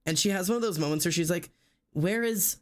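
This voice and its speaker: A man streaming live tells a story in loose, casual chat, his voice sitting a little high for a man. He rambles with plenty of fillers and restarts, and he slips into the voices of the people in his story. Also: racing. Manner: rambling, filler-heavy, acts out quotes.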